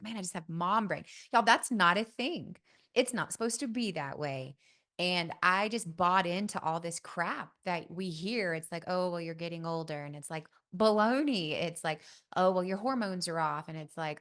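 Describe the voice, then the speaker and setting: A woman's voice: on the low side, fairly bright tone. A middle-aged woman hosting a podcast, telling a personal story in a casual, folksy way and often saying "y'all". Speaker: podcast host.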